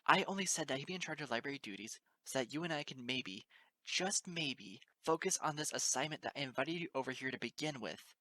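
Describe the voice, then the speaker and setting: A man's voice: medium pitch, animated, a little fast, pushed and bright, no room sound, voice pushed up. A man reading the part of an easygoing, teasing female pony teacher, in a breezy, sarcastic, pushy way. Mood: heated. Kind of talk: amateur audiobook reading.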